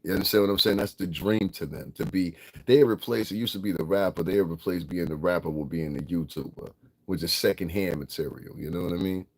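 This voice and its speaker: A man's voice: low voice, steady tone, a little fast. A middle-aged man from Connecticut, ranting bluntly and profanely in a casual livestream, laughing often. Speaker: vlogger.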